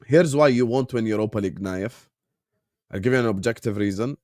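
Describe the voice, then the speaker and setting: Slightly under the weather and on cough syrup, this watchalong host jokes with his audience, calls out chat names, and flips between English and Arabic in a Jordanian accent. He talks a little fast in a lowish, darkish voice, captured as clean studio sound with no room noise.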